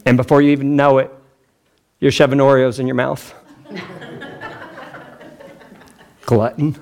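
A man preaching a sermon as pastor, talking in a chatty, joking way and acting out quotes with big pitch swings. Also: level tone, unhurried, darkish tone.

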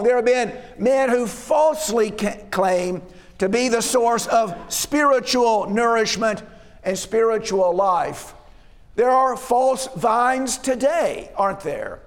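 A man's voice: very high-pitched, slow. A man preaching a sermon who often asks rhetorical questions and restarts his words mid-phrase. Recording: long reverb of a hall.

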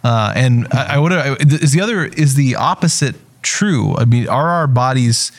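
Thoughtful man asking halting questions. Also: medium pitch, animated, no echo. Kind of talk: casual interview.

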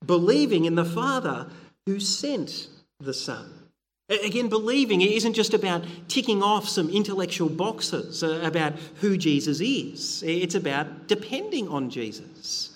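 A man's voice: high voice, sing-song, unhurried, long reverb tail. A middle-aged man preaching a sermon, earnest and conversational, with frequent fillers and restarts.

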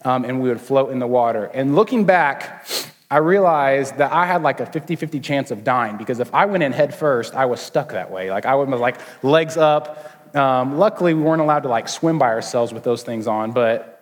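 A young man preaching a casual, joking sermon as a student pastor, slipping into quick voices for the people in his story. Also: medium pitch, animated. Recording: long hall reverb.

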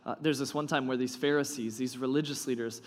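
A man's voice: mid-range voice, fast. Man preaching in an echoing hall. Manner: conversational, animated storytelling with restarts. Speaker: pastor. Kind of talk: sermon.

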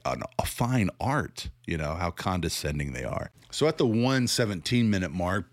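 A man's voice: deep voice, dry recording, studio quality. A man with a Southern American accent giving a critical commentary monologue, sarcastic, often laughing and restarting his sentences. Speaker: commentator on church teaching.

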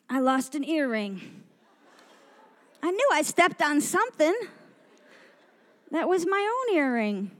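A woman preacher telling an animated story in a sermon to a women's gathering, acting out the people she quotes. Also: high voice, long reverb tail. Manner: animated, acts out quoted voices.

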